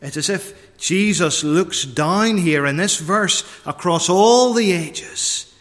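A man preaching a sermon, deliberate and repeating key phrases for emphasis, recorded in a church. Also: high voice, fairly bright tone. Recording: long reverb of a large church.

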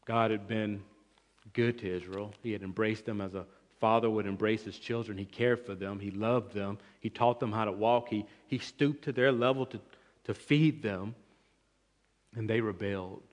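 A man preaching an expository sermon, emphatic, with swings between loud and quiet passages. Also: lowish voice, steady tone, moderate pace. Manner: emphatic, rising and falling in volume, restarts words. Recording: long reverb of a large hall.

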